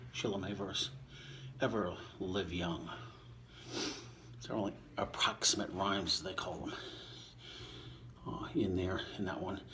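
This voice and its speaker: An older man reading sonnets aloud and chatting offhandedly between them. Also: noisy background. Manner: recites verse, then chats in a low, offhand voice. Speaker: vlogger reciting sonnets while lifting. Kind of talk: casual recitation between lifts.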